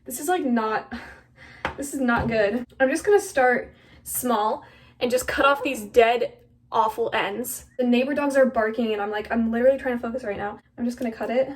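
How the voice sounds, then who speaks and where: A 17-year-old girl vlogs on her phone camera while cutting her own hair, chatting in a flustered, self-mocking way full of "like." Her voice is a little high, her pace moderate, and she's far from the mic.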